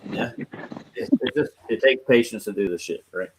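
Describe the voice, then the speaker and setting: A man's voice: on the low side, moderate pace, slight background noise, rough recording. A man hosting a casual chat, laid-back, giving short replies and steering the talk.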